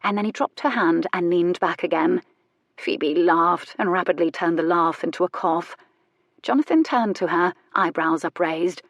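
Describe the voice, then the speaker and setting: A woman with a lower-pitched voice reads romance narration in a measured, even way. The recording is dry and close, with no room sound. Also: dry recording. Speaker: audiobook narrator. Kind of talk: scripted audiobook narration.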